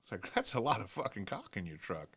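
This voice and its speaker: A man's voice: lowish voice, huge pitch swings, quick pace, gravelly, fairly bright tone, breathy edge. A man from Long Island, hosting a casual livestream chat and cracking crude plumbing jokes with frequent laughs. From Long Island, New York. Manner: crude joking, laughs often. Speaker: host.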